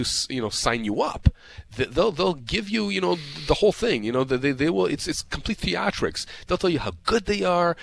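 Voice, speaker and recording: A man's voice: on the high side, vocal fry. A man who works as a lawyer, giving advice on a radio show in a passionate, emphatic way and often repeating words. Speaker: personal injury lawyer as guest. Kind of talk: radio call-in advice talk.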